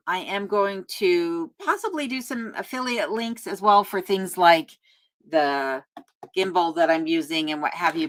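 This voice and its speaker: A chatty woman hosts a live stream from her remote home, reading out viewer comments and answering them one by one. Her voice sits a little low, and she talks casually with plenty of ums and small laughs. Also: fairly bright tone. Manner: chatty and friendly, laughs often, many ums. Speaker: YouTube host answering live chat.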